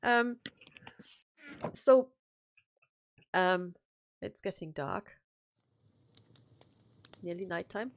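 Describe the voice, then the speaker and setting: A woman's voice: lowish voice, expressive, very slow, pauses often, slight background noise. A woman co-hosting a gaming live stream, chatting casually and telling rambling, playful stories.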